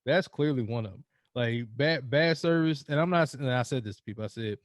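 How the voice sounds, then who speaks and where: Man, podcast host, quick delivery, dry close sound, storytelling. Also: medium pitch, no echo, dull audio. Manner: animated storytelling, acts out quoted rants. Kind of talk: casual chat.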